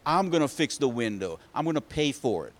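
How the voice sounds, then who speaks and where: A man's voice: mid-range voice, very animated, fairly quick, close to an everyday voice. A man voicing an apologetic young boy who admits breaking a window in a storybook tale. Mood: earnest.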